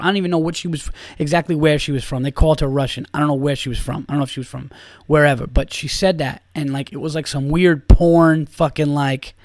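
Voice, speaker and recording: A man's voice: on the high side, no room sound. Rambling, profane male comedian. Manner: rambling and profane, lots of fillers. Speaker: podcast host and comedian. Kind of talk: casual storytelling.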